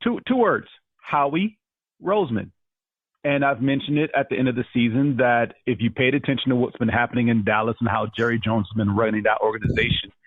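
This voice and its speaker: A man's voice: lowish voice, dry recording, phone-quality sound. A man co-hosting a sports podcast, talking in an opinionated, emphatic way. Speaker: podcast co-host. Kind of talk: casual sports chat.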